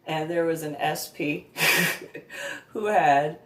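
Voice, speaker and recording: A woman telling a rambling personal anecdote, laughing often and slipping into a high, babyish voice when she quotes. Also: slow. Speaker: storyteller. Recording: echoey room, far from the mic.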